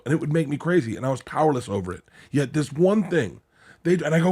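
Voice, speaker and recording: A man hosting a podcast, telling animated stories with plenty of swearing and acted-out quotes. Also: a little high, quick pace, husky. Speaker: podcast host. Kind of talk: casual podcast chat.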